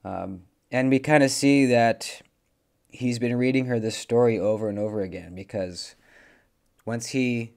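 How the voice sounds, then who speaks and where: A man's voice: medium pitch, measured pace, creaky, darkish tone. A man reviewing a movie, casually retelling the plot in a rambling way with lots of fillers and self-corrections.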